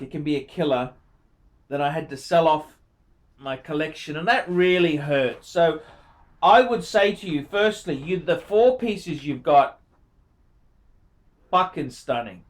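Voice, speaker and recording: A man in his forties speaks in a high, lively voice full of swoops. He reviews a viewer's watch collection casually, swearing constantly and repeating phrases to drive them home, with effusive enthusiasm. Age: 40s. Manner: profane and emphatic, repeats words for emphasis. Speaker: watch channel host.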